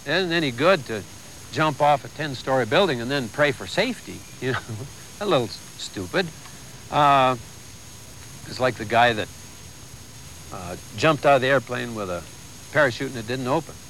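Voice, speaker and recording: A man's voice: mid-range voice, lively intonation, normal speed, long pauses, fairly bright tone, a little hiss or hum, rough recording. An older man giving a conversational, folksy sermon with humor and asides.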